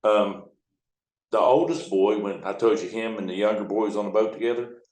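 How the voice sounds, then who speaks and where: A man's voice: lowish voice, normal speed, a little mellow. A middle-aged man, a riverboat captain, telling blunt, profane, rambling stories in a casual interview. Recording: echoey room.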